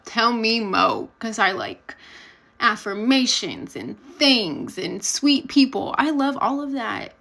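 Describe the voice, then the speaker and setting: Woman vlogger spilling a story, blunt and chatty, kinda gravelly and a bit high. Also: expressive, slow, pushed and bright, low-quality recording. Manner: blunt, candid, chatty with frequent laughs. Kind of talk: casual storytelling to camera.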